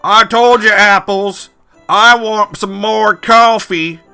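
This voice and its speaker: A man's voice: high voice, slow, gravelly, pushed and bright, clean tone, soft background music, voice pushed up, exaggerated voice. A man voicing a grumpy, demanding male diner regular who speaks in a whiny way.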